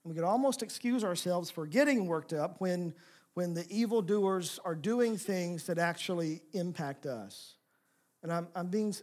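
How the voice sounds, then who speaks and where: A man preaching a sermon, asking rhetorical questions and moving between emphatic and soft passages. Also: sits high. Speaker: pastor.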